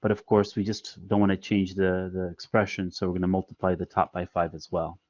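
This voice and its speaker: Deep-voiced man teaching online. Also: little pitch movement, fairly quick, a little mellow, no echo, highs cut off. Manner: patient, step-by-step explaining with frequent fillers. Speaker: math instructor. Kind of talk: online lecture.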